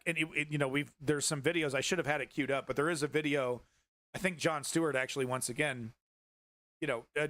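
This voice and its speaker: A man's voice: on the high side, pushed and bright, dry recording. A man hosting a livestream news show, giving casual political commentary in a rambling, profane way, with many restarts.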